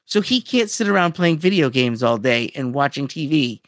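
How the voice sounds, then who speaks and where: A podcast co-host in casual chat, recapping a story in an animated way with lots of "like". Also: medium pitch, normal speed, no room sound, clean studio sound.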